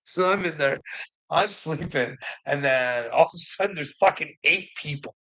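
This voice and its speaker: Gravelly, profane man rambling through a story. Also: a little high, moderate pace, sharp tone, low-quality recording. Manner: profane, rambling, laughs often. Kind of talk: casual storytelling monologue.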